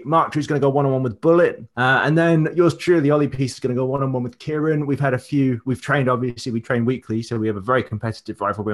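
A man talks through a list of upcoming matches in a relaxed podcast chat. He keeps it loose and conversational, dropping frequent fillers as he goes. His voice sits in an ordinary middle pitch. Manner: reels off a match card, loose and chatty with many fillers. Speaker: wrestler and promoter guest.

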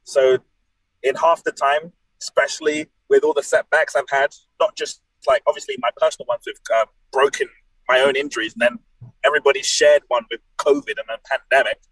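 Animated man with a dry sound. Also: medium pitch, a little fast, dry recording, poor audio. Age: late 20s. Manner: animated, jokey storyteller. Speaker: professional wrestler, guest. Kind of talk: casual podcast chat.

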